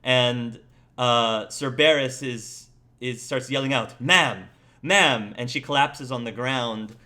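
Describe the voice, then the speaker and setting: A man's voice: mid-range voice, steady tone, slow pace, sharp tone. Young male game master, casual narration, mid-range voice. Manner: casual, filler-heavy narration.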